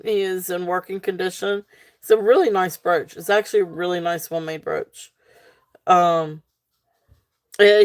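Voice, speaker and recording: A woman with a Southern US accent hosting a live sale, chatting casually with many ums and frequent giggles. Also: mid-range voice. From Southern United States. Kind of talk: casual live-stream selling.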